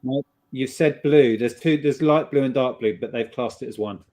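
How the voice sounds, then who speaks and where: A man's voice: medium pitch, moderate pace, darkish tone. A man hosting a casual quiz in a live-stream chat, joking along as he reads out questions. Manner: jokey, puts on silly voices. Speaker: quizmaster.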